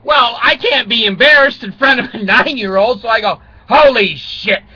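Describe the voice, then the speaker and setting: A man's voice: very high voice, normal speed, bright, forceful tone, husky. An older man telling rambling, self-mocking comic stories, swearing and chuckling, on a dull lo-fi recording. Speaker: vlogger.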